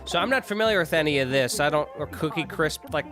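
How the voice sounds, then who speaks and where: A man hosting a casual live stream, joking and chatting in an animated way while watching old commercials. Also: fairly high pitch, quick pace, over music. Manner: animated, jokey, apologetic asides. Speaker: stream host.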